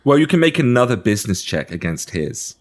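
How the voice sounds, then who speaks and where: A man's voice: mid-range voice, very animated, fairly quick. A man acting as game master, narrating a tabletop game with wry, laughing asides.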